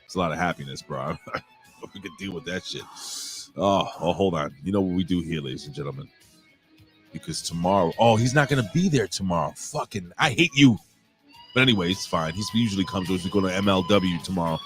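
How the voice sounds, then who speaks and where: A man's voice: deep voice, expressive, fairly quick, faint music behind. A man co-hosting a live wrestling podcast, rambling, joking and swearing freely in casual chat.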